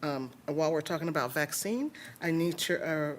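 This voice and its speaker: Matter-of-fact councilman, higher voice. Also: normal speed, a little hiss or hum. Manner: plain, matter-of-fact with fillers. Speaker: city council member. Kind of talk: council meeting remarks.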